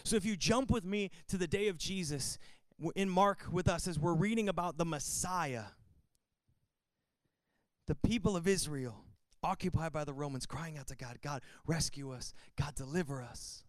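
High-voiced preaching man, crisp and dry. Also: moderate pace, no room sound. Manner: preaching with rising emphasis and repetition. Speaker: pastor. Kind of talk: sermon.

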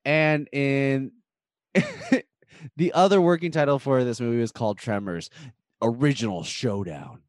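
A man's voice: mid-range voice, a little slow, no room sound, clean studio sound. A man from the American South, co-hosting a casual movie podcast and joking around. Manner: joking, laughs often, improvises crude song. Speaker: podcast co-host. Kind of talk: casual chat.

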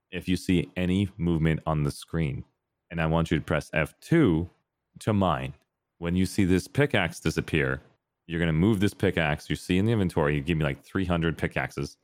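A man in casual podcast chat, telling stories with lively jumps into a high voice when acting out scenes. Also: normal speed, no room sound. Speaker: podcast co-host.

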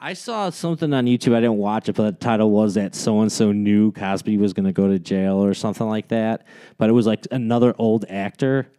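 A man's voice: on the low side, a little fast, dark tone, clean tone. A man in casual podcast banter, stubbornly pushing an odd point and swearing freely.

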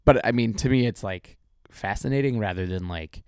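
A man co-hosting a podcast, chatting casually about movies in a rambling, animated way with many restarts. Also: on the low side, normal speed, clear, resonant tone, no room sound, clean studio sound. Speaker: podcast co-host.

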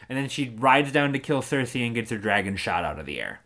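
A young man co-hosting a podcast, chatting casually and retelling scenes with lively, profane enthusiasm. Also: medium pitch, fast talker, hardly any pauses. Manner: animated retelling, acting out scenes, swears freely. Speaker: podcast co-host. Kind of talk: casual chat recapping a TV show.

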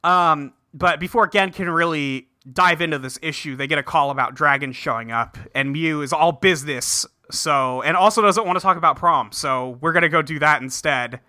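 Guy recapping an episode on a podcast, laid back and laughy, bright voice. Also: a little high, normal speed, hardly any pauses, dry recording, studio quality. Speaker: podcast co-host recapping a show. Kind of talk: casual chat.

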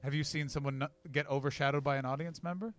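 A man doing brash, sweary, quick-riffing banter as a comedian answering audience questions at a live podcast. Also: on the high side, steady tone. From Canada. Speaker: comedian, guest.

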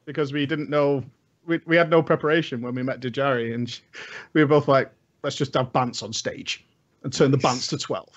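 A man, a guest in casual podcast chat, relaxed and joking as he tells stories. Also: mid-range voice, fairly quick, dull audio. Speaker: guest gamer.

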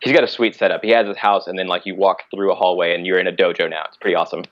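A man's voice: low voice, very fast, lo-fi sound. A man, a martial artist guest on a podcast, telling a story casually and acting out the dialogue. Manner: animated, acts out quoted dialogue.

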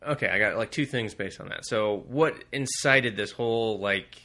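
A man's voice: on the low side, moderate pace. A man co-hosting a casual podcast about comics, swearing freely and acting out characters as he retells stories. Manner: profane, animated retelling with mock quotes. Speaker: podcast co-host.

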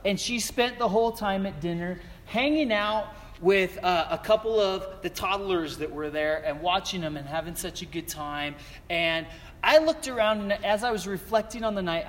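A man preaching a sermon as a pastor, telling stories in a relaxed, conversational way with lots of fillers. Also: sits high, big-room sound. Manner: conversational storytelling with many fillers.

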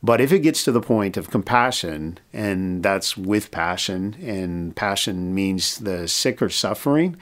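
Middle-aged American man, mission head, animated storyteller, lowish voice. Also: a little slow, few pauses. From United States. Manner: animated storyteller acting out dialogue. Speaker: mission president, guest. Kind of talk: storytelling in a podcast interview.

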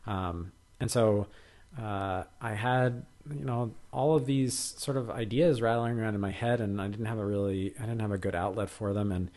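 A man with a lowish voice co-hosts a podcast in easygoing conversation. He talks haltingly, stopping and restarting his sentences and leaning on lots of fillers. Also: a little mellow. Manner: hesitant, many fillers and restarts. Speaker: podcast co-host. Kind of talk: casual chat.

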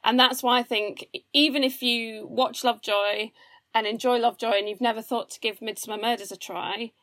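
An eager woman co-hosts a podcast in casual chat, with a slightly high voice. She jumps in to add points, pausing with fillers while she searches for names. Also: fairly even intonation, fairly bright tone. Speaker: podcast co-host.

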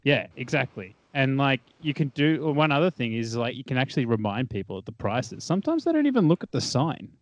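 A man's voice: mid-range voice, sing-song, brisk, hardly any pauses, no room sound, muffled recording. A man, chatting casually on a podcast and offering advice on selling art.

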